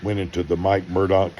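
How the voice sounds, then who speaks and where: An older pastor with a low voice tells stories in sermon style. He acts out the dialogue with animation and swings between loud bursts and hushed asides. A faint hum sits under the recording.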